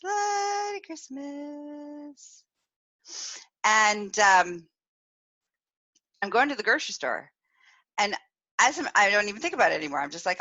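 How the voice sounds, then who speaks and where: A woman's voice: mid-range voice, dull audio. A woman hosting a live podcast, telling a story with lots of laughter and acted-out quoted voices. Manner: animated, laughs often, acts out quoted voices. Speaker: podcast host. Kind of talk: live-streamed storytelling chat.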